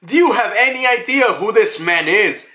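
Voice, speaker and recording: A man's voice: high-pitched, animated, normal speed, bright, forceful tone. A man voicing a stern, imposing male warrior chief who demands answers. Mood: demanding. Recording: roomy echo.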